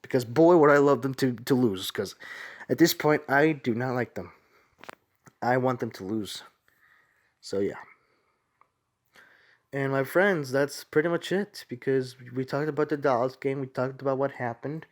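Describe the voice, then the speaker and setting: A man's voice: medium pitch, unhurried, pauses often. A man hosting a casual soccer review show, talking in a rambling, chatty way and often correcting himself. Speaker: host.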